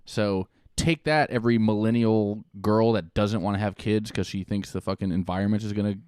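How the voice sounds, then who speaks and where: A man's voice: lowish voice, fairly even intonation, fairly quick, a little mellow, smooth, no room sound, studio quality. Sarcastic rambling podcast guy. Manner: sarcastic, rambling, laughs often. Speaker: podcast co-host. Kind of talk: deadpan ironic banter.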